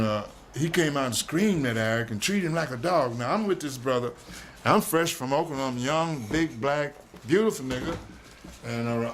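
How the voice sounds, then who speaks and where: A jazz musician in his seventies recalls old stories in a streetwise, profane style, frequently asking "you dig?" His mid-range voice has a fairly bright tone. The room echoes, faint music plays behind him, and there's a little hiss or hum.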